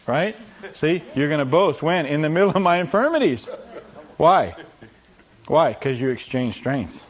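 A man's voice: a little high, sing-song, unhurried. A man preaching a sermon, acting out prayers and quotes and laughing often as he teaches.

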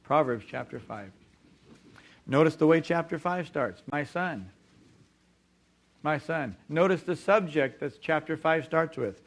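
A middle-aged man preaching a sermon emphatically, slowing down to stress key words. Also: a little high.

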